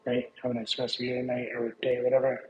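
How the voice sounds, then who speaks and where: A man's voice: mid-range voice, completely flat delivery, fast, darkish tone. A man giving a casual tarot reading, rambling and playful, often breaking off mid-thought. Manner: rambling, playful, self-interrupting. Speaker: tarot reader. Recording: echoey room with faint background noise.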